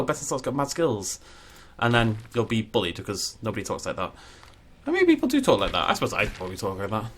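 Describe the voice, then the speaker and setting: A man's voice: medium pitch, fairly bright tone, slight background noise. Chatty man narrating gameplay. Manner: chatty, self-mocking, jokey asides. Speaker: gaming YouTuber. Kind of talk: casual gameplay commentary.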